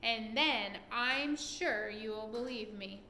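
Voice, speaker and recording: A woman's voice: a little high, takes it slowly, sharp tone, echoey room, slight background noise. A woman voicing a cheerful, friendly small boy in a storybook, reciting eagerly in a lilting way.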